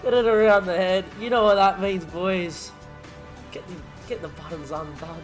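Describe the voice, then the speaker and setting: A young man commentating his own football management game, excitable and chatty. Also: high voice, normal speed, faint music behind. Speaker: gaming YouTuber.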